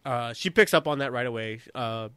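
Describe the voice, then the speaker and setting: Bright-voiced young man telling stories. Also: medium pitch, normal speed, smooth, no echo. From California. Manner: profane, laughing, animated anecdote-teller. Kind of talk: casual storytelling chat.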